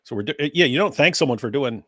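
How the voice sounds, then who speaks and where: A man's voice: mid-range voice, expressive, very fast, pushed and bright, no echo. A man co-hosting a casual livestream, trading jokes and teasing banter. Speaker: co-host.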